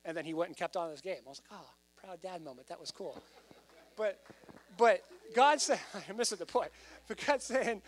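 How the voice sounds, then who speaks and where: Man preaching an animated sermon. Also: sits high. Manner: animated preaching, rising to loud emphasis. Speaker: pastor.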